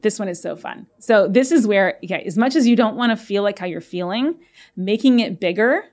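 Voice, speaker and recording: Woman coaching on her self-help podcast, upbeat and playful, middle pitch. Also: a little mellow. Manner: upbeat, playful, acts out inner voices. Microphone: podcast microphone.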